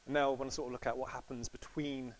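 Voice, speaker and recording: A man's voice: mid-range voice, level tone, fast talker, low-quality recording. A man giving a casual, chatty sermon to a congregation, acting out quotes with laughs. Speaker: preacher.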